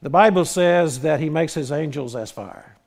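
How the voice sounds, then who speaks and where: A man with a high voice preaches a sermon. He talks in an animated way, acts out quoted speech and often restarts his sentences. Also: moderate pace, creaky. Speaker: pastor.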